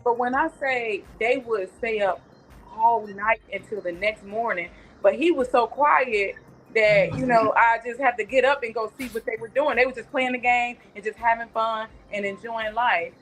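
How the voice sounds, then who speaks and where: A woman's voice: on the high side, moderate pace, poor audio. A middle-aged woman, a guest and aunt, reminiscing in a chatty, rambling storytelling way. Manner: chatty storytelling, many asides. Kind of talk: casual reminiscing.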